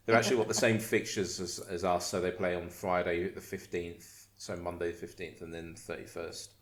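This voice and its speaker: A man with a fairly low voice leads a loose, joking podcast conversation. He swears freely and restarts his sentences, doubling up words as he reads out questions. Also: little pitch movement, moderate pace. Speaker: podcast host. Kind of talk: casual chat.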